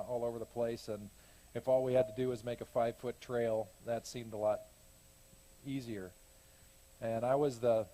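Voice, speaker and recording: A man's voice: medium pitch, warm tone. A man giving a casual, rambling report on a church mission trip, often correcting himself and laughing at his own jokes. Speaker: church mission team speaker.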